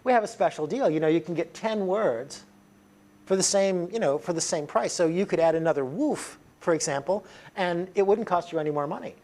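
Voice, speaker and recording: A man voicing a female telegraph clerk in a joke, with a raised, upbeat sales-pitch tone. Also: a little fast, a little mellow. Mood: chirpy.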